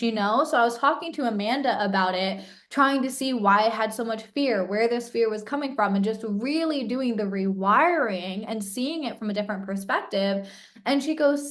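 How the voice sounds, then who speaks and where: A woman's voice: fairly high pitch, moderate pace. A young woman co-hosting a podcast in casual chat, talking with lots of "like" fillers and acting out what others said. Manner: chatty, many "like" fillers, acts out quoted voices. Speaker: podcast co-host.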